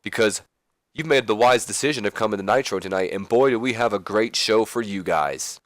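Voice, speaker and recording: A man doing a slick young wrestling promoter, all showman energy. The voice is pushed a bit higher than a plain speaking voice and stays loud and upbeat. The recording is dry and close. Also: brisk, dry recording, natural voice. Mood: hyped. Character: smooth-talking young male wrestling promoter hyping a crowd.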